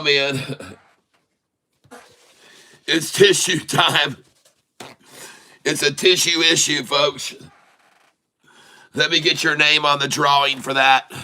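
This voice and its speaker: Bright-voiced excitable trading streamer man. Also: a little high. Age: middle-aged. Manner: excitable, folksy, calls out to viewers as folks. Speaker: day-trading livestream host. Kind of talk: live trading stream chat.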